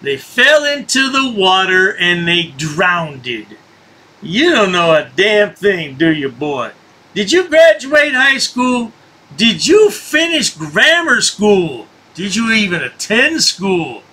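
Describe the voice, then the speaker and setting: A man's voice: sits high, very animated, slow pace, pushed and bright. A man hosting a commentary channel, taunting the person in the clips with sarcastic remarks. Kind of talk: mocking commentary over clips.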